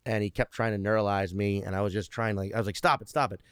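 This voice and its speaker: A man's voice: fairly low pitch, little pitch movement, fast, clear, resonant tone, no echo, studio quality. Profane, rambling man in his thirties. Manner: profane, rambling, restarts often. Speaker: stand-up comedian guest. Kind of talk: casual podcast storytelling.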